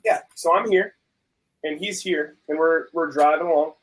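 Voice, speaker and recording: A man's voice: a little high, normal speed, a bit bright, low-quality recording. A man on a video call, casually telling a story with animation and acting out both sides of an argument. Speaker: guest on video chat. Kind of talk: casual chat.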